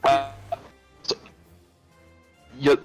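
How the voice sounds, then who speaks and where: A man chatting casually as a player in a tabletop game, with animated, quick reactions. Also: music in the background. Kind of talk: casual chat.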